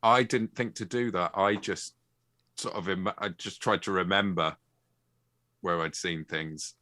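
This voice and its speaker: A man's voice: low voice, fairly even intonation, measured pace, bright, forceful tone, dry recording, clean studio sound. A man co-hosting a podcast, in playful, rambling comic banter and laughing often. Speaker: podcast co-host. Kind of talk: casual comedic banter.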